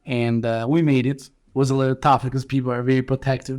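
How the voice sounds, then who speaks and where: A man's voice: mid-range voice, little pitch movement, fast, a little mellow. A man, telling a personal story in a casual, loose way full of "like.". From Albania. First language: Albanian. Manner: loose, rambling, peppered with "like". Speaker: guest. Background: guitar music.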